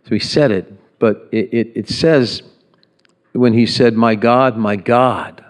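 A man's voice: medium pitch, fairly even intonation. Man preaching in an echoey church hall. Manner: earnest, conversational, with pauses and restarts. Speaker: pastor. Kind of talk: sermon with prayer before communion.

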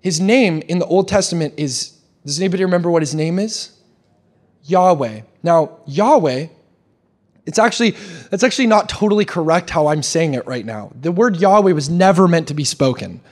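A young man preaching a sermon, animated, with quick restarts and questions put to the congregation. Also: a little high. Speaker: pastor.

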